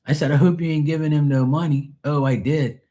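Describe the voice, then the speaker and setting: A man with a somewhat high, brisk voice reads tarot during a live stream. He's animated and casual, telling foul-mouthed, no-nonsense stories and mocking those he quotes by imitating them.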